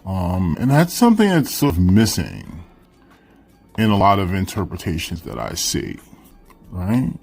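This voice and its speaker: A man with a lowish voice, walking a class through a text at an unhurried pace. He keeps it conversational and checks in often with "right?" and "you know". Faint music plays underneath. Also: very animated, vocal fry, darkish tone, breathy edge. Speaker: teacher. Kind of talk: explaining a text in a recorded lesson.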